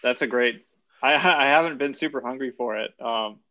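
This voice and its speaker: A man's voice: mid-range voice, normal speed, sharp tone, muffled recording. A young adult man co-hosting a podcast, chatting casually in a thoughtful, wordy way. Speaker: podcast co-host. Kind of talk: casual chat.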